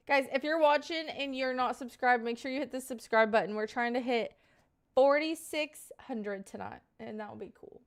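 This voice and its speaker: A woman's voice: on the high side, moderate pace. A young woman live-streaming, chatting casually and playfully with her viewers and answering their questions. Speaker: livestreamer.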